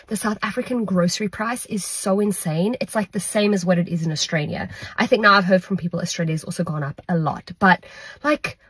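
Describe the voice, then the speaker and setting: A woman's voice: medium pitch, a bit bright, slightly rough, no room sound. A woman vlogger chatting casually to camera, exasperated.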